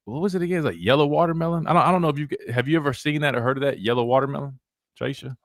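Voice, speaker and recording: Racing through casual talk radio chat, a young sports show host rambles animatedly, restarting often and saying "wait, hold on." He has a mid-range voice, heard in studio quality with no echo.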